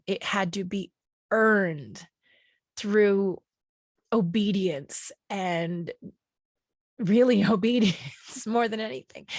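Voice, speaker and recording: A woman hosting a podcast, talking gently and with emotion about her own healing, sometimes slowing to soothing, drawn-out phrases. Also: medium pitch, dry recording. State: emotional, near tears. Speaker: podcast host. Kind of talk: reflective personal talk on healing.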